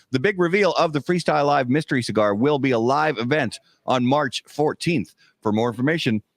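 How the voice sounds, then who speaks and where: A man's voice: mid-range voice, no echo. A man hosting a live cigar podcast from a studio, introducing guests and reading sponsor spots in an announcer style. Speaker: podcast host.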